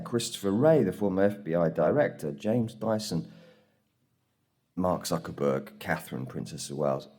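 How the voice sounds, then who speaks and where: Deep-voiced man giving a conference talk. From England. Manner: animated storytelling, acts out quoted voices. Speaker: conference speaker. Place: conference room.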